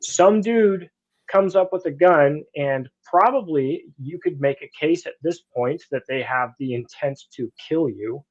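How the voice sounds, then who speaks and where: A man's voice: fairly high pitch, measured pace, highs cut off. A man co-hosting a casual podcast, making blunt, emphatic points. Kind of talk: casual discussion.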